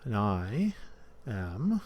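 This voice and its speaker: A man's voice: on the low side, sing-song, drawn-out words, darkish tone, dull audio, a little hiss or hum, full character voice. A man voicing a muscular head priest who speaks formally and welcomingly.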